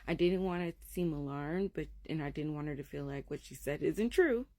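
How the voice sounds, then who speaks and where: A woman in her thirties casually telling a spooky personal story, acting out the voices in it and dropping to a hush at the scary parts. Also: sits low, normal speed, dry recording. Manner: animated, acts out quoted voices, drops to a hush at scary moments.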